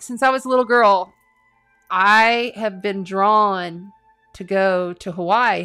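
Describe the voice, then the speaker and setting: Middle-aged woman, astrologer on a live stream, bright clear voice, earnest chatty delivery, faint music underneath. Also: mid-range voice. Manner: chatty and earnest, with frequent fillers and restarts. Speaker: astrologer and tarot reader. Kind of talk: casual live-stream chat reading viewer comments.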